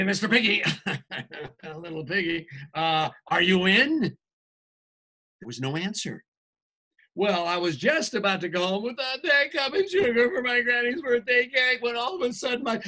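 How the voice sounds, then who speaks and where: Playful American man reading a storybook. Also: high voice. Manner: playful, animated, leads kids in sound effects. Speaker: TV news anchor reading to a class. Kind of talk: storybook read-aloud over a video call. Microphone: video call.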